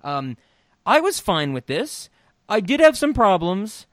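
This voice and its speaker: A man hosts a podcast, chatting casually and rambling through strong opinions on film voice acting, with lots of ums, restarts and swearing. His voice sits high and sing-song, fairly bright, at a measured pace. The recording is studio quality with no room sound.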